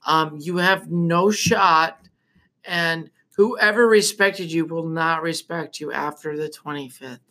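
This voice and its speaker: A man with a bright, sharp voice co-hosts a crude podcast. He drags out his threats and boasts in a mock-serious way, then trails off into mumbled stories. His pitch sits a little high for a man. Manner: trash-talking, mock boastful, drawn-out taunts. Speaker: podcast co-host. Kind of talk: casual crude chat.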